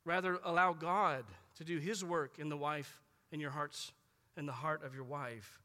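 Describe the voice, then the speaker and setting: Emphatic high-voiced man preaching in a hall. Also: steady tone, bright, forceful tone. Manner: emphatic, repeats key phrases, slows down to stress words. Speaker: pastor. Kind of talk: sermon.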